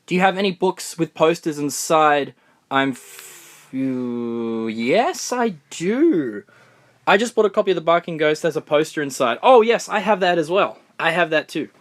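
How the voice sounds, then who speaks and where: A young man from Australia chatting excitedly through a live Q&A stream, recorded on his phone in a room of books. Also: on the high side. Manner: chatty, excitable, answers comments on the fly. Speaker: fan vlogger. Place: room full of books, indoors.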